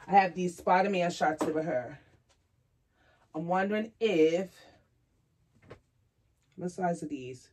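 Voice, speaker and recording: A woman's voice: fairly low pitch, darkish tone. A woman hosting a doll hobby vlog, chatting casually to viewers from home and talking to her dolls. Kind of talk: casual chat to camera.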